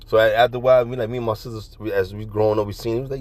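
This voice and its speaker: A man's voice: on the low side, fairly even intonation, very fast, a little mellow. A man rambling through a casual monologue, profane and repetitive, often laughing. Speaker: vlogger.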